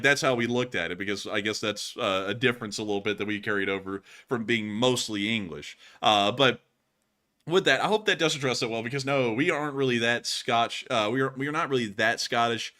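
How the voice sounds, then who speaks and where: A man hosts a casual livestream, answering viewer messages in a rambling way. He keeps repeating his thank-yous and stock sign-off phrases. His voice sits at an average pitch. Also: pushed and bright. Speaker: livestream news host.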